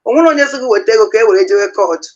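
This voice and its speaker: A woman's voice: medium pitch, animated, racing, a little mellow, lo-fi sound. A Nigerian woman giving an impassioned address in an online broadcast, mixing two languages and building up emphatically. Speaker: guest speaker.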